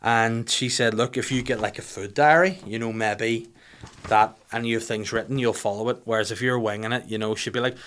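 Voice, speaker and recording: A man's voice: medium pitch, steady tone, brisk, a bit bright. Northern Irish man, podcast host, casual comic monologue, rambling, self-mocking, swears freely.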